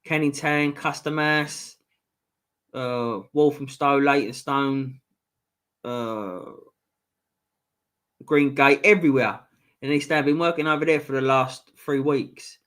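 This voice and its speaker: Taking it slowly and pausing often, this Cockney-accented East Londoner has a steady, mid-range, slightly bright voice. On a casual fan livestream he rambles, reads the chat aloud, keeps restarting his sentences, and swears offhandedly.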